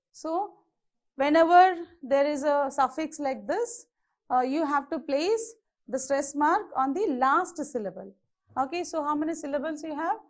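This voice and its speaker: Female teacher, high voice, patient step-by-step exam coaching, muffled lo-fi audio. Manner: patient, repetitive step-by-step explaining with "okay" and "so". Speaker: English teacher. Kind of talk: exam-prep grammar lesson.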